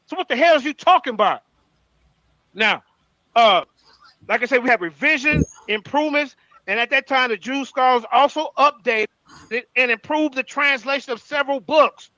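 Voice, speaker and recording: A man arguing in a live online debate, combative and rapid, often reading from notes. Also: extremely high pitch, sharp tone, no echo, low-quality recording.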